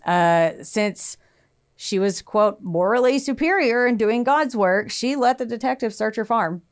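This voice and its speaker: A woman's voice: on the high side, a little slow. A young adult woman co-hosting a podcast, telling a true crime story in casual chat, acting out quotes in raised voices and swearing freely.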